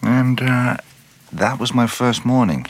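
An Irish-born actor being interviewed, speaking thoughtfully and unhurriedly, often restarting and trailing off mid-phrase. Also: male voice, mid-range voice, slow pace, a little hiss or hum. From Ireland. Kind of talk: reflective interview conversation.

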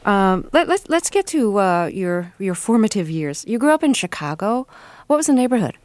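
A woman's voice: medium pitch, very animated, moderate pace, darkish tone, no room sound. A woman hosting a radio interview, asking curious, probing questions. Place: radio studio. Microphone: studio mic.

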